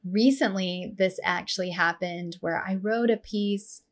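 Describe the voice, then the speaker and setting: A woman's voice: medium pitch, measured pace. Conversational woman podcast host. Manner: warm, animated storytelling with playful voices. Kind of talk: casual conversation.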